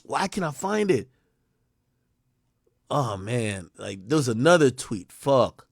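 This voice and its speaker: Animated, profane male streamer. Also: medium pitch, slow pace, gravelly, dry recording, studio quality. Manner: animated, swings from mumbling to shouting; profane, blunt, rambling. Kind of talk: live-stream commentary.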